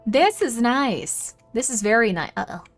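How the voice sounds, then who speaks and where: Faint music plays behind this fairly high-pitched female voice, which swings widely in pitch and never hurries. She's a young gamer on a casual livestream, chatting with viewers, responding to chat out loud, and muttering to herself mid-play.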